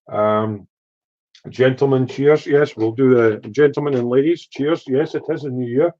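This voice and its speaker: A man's voice: medium pitch, expressive, normal speed, muffled recording. A middle-aged man from Edinburgh with a Scottish accent, chatting casually and reading out chat on a live stream. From Scotland. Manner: swearing, rambling storyteller reading chat aloud.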